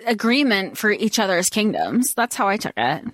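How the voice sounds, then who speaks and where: A woman's voice: medium pitch, sing-song, moderate pace, fairly bright tone, no room sound, studio quality. A woman co-hosting a casual book-discussion podcast, chatty and full of questions about the story. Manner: chatty, questioning, laughs between points. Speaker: podcast co-host.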